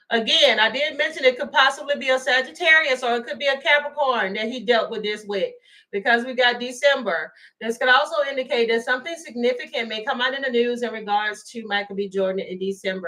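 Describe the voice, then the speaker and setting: A woman tarot reader talking in a casual, animated and profane way while doing a reading. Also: on the high side, quick pace. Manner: animated, profane, laughing often.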